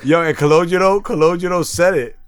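Laid-back New podcast host. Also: male voice, a little high, a little fast. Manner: laid-back, mumbling slang with restarts. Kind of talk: casual chat.

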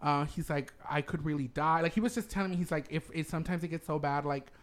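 A man's voice: a little high, fast. Campy man telling a laughing story. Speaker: podcast host. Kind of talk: casual storytelling chat.

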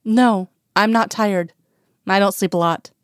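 A woman voicing a gentle, patient man who talks softly and reassuringly, in a dry, close recording. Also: medium pitch, steady tone, a little slow, smooth, dry recording, lightly acted.

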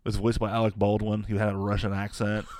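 Enthusiastic low-voiced man, dry sound. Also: monotone, fast talker, darkish tone, dry recording. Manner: enthusiastic, gushing, chatty. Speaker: podcast co-host. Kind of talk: casual chat.

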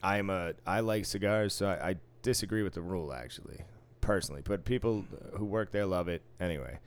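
A man's voice: deep voice, smooth. Profane man telling a casino story. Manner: profane, wry, acts out quoted exchanges. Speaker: casino floor supervisor. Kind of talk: casual storytelling chat.

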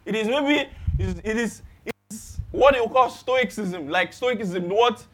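A man's voice: sits high, measured pace, fairly bright tone. A young Nigerian man with a Nigerian accent preaching a sermon, asking his congregation rhetorical questions.

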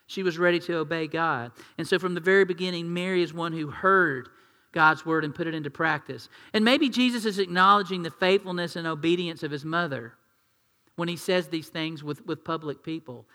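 A man's voice: on the high side, fairly quick, sharp tone. A male pastor preaching a sermon in a conversational way, asking the congregation questions and acting out quotes. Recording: long reverb of a large hall.

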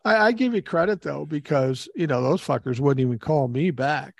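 A man's voice: fairly high pitch, moderate pace, creaky, no echo. A man who is a guest on a podcast, joking crudely and sardonically in casual chat.

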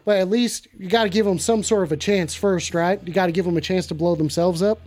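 A man's voice: sits high, steady tone, brisk, darkish tone. A man hosting a comic call-in show on a stream, brash and profane, hyping the segments like an announcer. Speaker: host of a joke call-in show.

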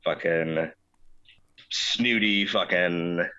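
A man's voice: deep voice, drawn-out words, muffled recording, a loud crowd. A man from Alabama co-hosting a podcast, chatting loosely and swearing often. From Alabama, USA. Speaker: podcast co-host. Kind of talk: casual chat.

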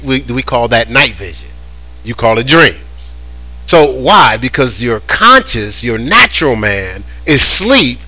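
A man preaching with a lively, swooping delivery and a bright, ringing tone, his voice set a little high for a man. He talks to the congregation in a loose, conversational way and doubles up his words as he builds a point. Soft music plays behind him. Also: rough recording. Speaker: pastor. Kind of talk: sermon.

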